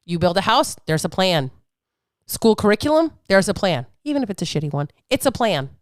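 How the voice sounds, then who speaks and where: Very animated and brisk, a mid-range-voiced woman in her thirties rants unfiltered on her podcast as a fitness coach and host. She comes across blunt, profane, fired-up and preachy, with a dry, close sound and no room sound.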